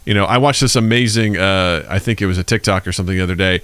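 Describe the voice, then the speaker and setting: A man's voice: low voice, fast talker, fairly bright tone, clean tone, no echo. A man co-hosting a podcast, rambling through loose, joking advice in casual chat. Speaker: podcast co-host. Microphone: podcast mic.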